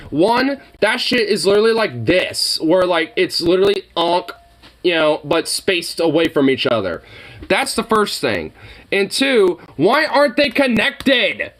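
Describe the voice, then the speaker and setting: A man's voice: sits high, fairly bright tone. A young man filming his workplace kitchen on a phone, ranting and swearing in frustration. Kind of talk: profane ranting vlog.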